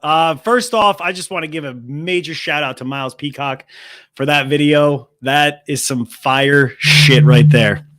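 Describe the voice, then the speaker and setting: A man's voice: on the high side, a little slow, a bit bright, dry recording, clean studio sound. A man hosting a casual sports podcast, hyped and slangy, with lots of filler words. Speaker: podcast host.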